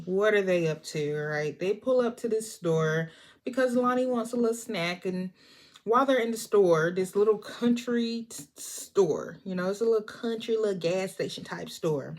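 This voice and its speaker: A woman recapping a movie in a chatty, expressive way, talking straight to her viewers. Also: mid-range voice, measured pace. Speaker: movie reviewer.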